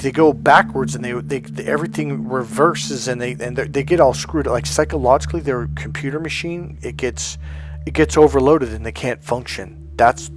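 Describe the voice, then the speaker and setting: Blunt emphatic male life coach. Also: medium pitch. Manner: blunt and emphatic, acts out quoted voices. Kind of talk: motivational monologue.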